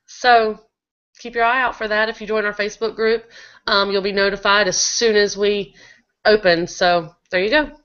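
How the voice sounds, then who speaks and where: A woman's voice: mid-range voice, fairly even intonation, normal speed, fairly bright tone, clear, resonant tone. A woman co-hosting a blogging webinar from her laptop, speaking in a casual, practical way with filler words. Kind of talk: casual live webinar chat. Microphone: laptop video call. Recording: dull lo-fi laptop call audio.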